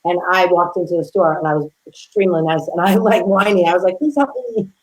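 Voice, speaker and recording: A woman guest chef in a casual interview, a lively storyteller who acts out what people said. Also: on the low side, quick pace, poor audio.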